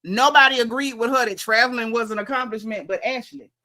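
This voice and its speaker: A young woman with a bright, fairly high voice gives a chatty reality-TV recap. She talks straight to her audience and tells the story with lively, opinionated flair. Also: brisk. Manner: animated, conversational, talks straight to viewers. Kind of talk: casual reality-show recap commentary.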